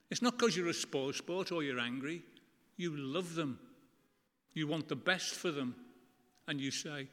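A middle-aged man preaching a sermon to a church congregation, earnest and conversational, with emphatic pauses. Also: fairly high pitch, fairly bright tone. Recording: long church reverb.

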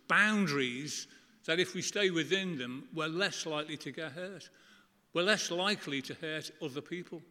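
Man, middle-aged, preacher, earnest conversational sermon, slightly high, bright and forceful tone, long church echo. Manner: conversational, earnest, with emphatic pauses.

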